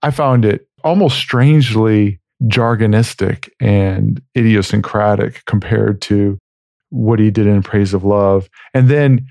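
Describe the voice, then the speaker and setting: Lowish male voice, dry close mic. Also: fairly even intonation, unhurried, creaky, a little mellow, no room sound. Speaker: podcast co-host. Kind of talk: casual philosophy discussion.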